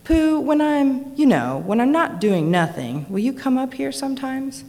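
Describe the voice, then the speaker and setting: A dreamy young boy speaking in earnest, halting bursts, as a woman reading a storybook puts him on. His voice lifts higher and louder than the narration. Long reverb surrounds it. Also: very animated. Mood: wistful.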